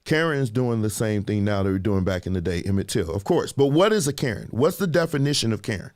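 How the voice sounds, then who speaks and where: Hosting a live discussion stream, this man has a lowish voice and speaks a little fast. Animated and conversational, he reads out viewer comments and puts questions to his audience.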